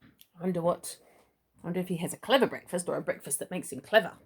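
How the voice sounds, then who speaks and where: A woman's voice: fairly low pitch, fast, breathy edge. A woman reading a children's storybook aloud to a child, playful and chatty with asides. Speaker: parent or relative reading to a child.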